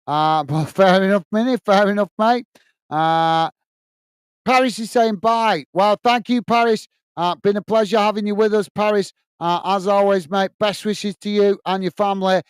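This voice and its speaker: A man's voice: sits high, clear, resonant tone, no echo, studio quality. A man hosting a football watch-along, chatting casually and reading out viewer comments, full of filler uhs and calling everyone mate. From England. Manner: casual and chummy, many filler uhs, calls people mate. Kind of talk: live stream chat reading.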